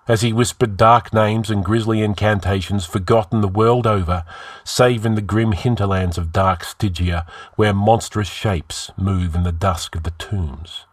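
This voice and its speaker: A man reading fantasy fiction aloud, narrating with measured, dramatic pacing. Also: fairly low pitch, dry recording, clean studio sound.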